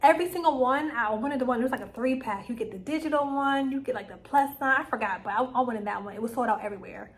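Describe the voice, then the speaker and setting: A young woman vlogger, telling a personal story to camera in a casual, animated way and acting out her own quoted lines. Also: fairly high pitch, fast, hardly any pauses.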